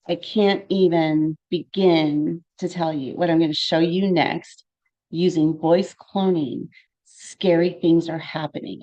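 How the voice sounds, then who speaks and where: Slow, dark-toned woman giving a warning talk. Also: low voice. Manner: earnest and warning, with fillers and asides. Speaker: trainer giving a free online safety session. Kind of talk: live-streamed presentation.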